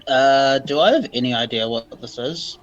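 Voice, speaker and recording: A man's voice: mid-range voice, normal speed, dull audio, faint music behind. Hesitant man thinking aloud as a player. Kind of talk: casual tabletop game chat.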